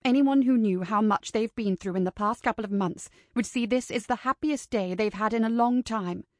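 A woman voicing an earnest, prim young vampire woman who speaks crisply, in a storybook reading. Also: fairly high pitch, normal speed, darkish tone, dry recording, studio quality, natural voice.

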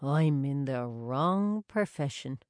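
A woman's voice: rumbling low, lively intonation, slow, a little mellow, dry recording, studio quality, pitched below the performer's own voice, exaggerated voice. A woman reading an audiobook and voicing a flirtatious, amiable man who teases and jokes. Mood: teasing. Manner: teasing, amiable. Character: flirtatious joking Irish man.

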